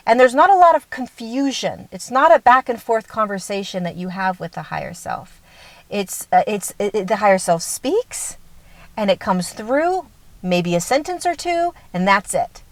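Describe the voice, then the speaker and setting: A woman's voice: mid-range voice, animated, normal speed, no room sound. A woman giving a conversational spiritual teaching talk, direct and earnest, often checking in with the listener. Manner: conversational, checks in with "okay?" and "right?".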